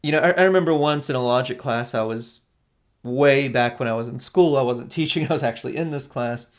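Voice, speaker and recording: A philosophy lecturer giving an animated recorded lecture, explaining step by step and often checking in with "right?". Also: mid-range voice, a little fast.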